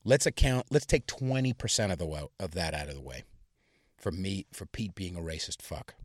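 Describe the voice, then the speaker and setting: A man's voice: low-pitched, animated, moderate pace, dry recording, clean studio sound. A young adult man hosting a podcast, delivering a crude, profane, heated rant. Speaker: podcast host. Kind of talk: crude solo comedic rant.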